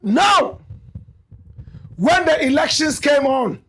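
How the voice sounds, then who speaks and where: Emphatic, high-pitched Ghanaian man. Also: expressive, takes it slowly. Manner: emphatic, repeats "my brother, my sister", bursts into shouts. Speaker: commentator. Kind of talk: animated political commentary.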